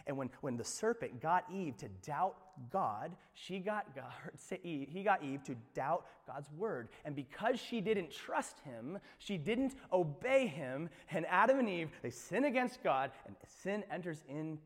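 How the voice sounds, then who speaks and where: Animated high-voiced male preacher. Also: measured pace, in a large hall. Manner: animated, swinging from loud emphasis to hushed. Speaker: pastor. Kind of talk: sermon.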